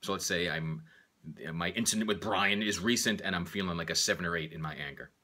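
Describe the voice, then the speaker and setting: A man's voice: low-pitched, fairly quick, sharp tone. A man teaching a tapping technique, talking through each point and speaking the affirmations aloud as he taps. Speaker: tapping instructor. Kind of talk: guided tapping demonstration.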